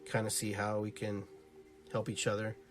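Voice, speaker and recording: A man's voice: fairly low pitch, monotone, moderate pace, faint music behind. A man hosting a live-streamed podcast, chatting casually and rambling, who greets his viewers and acts out little stories. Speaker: podcast host.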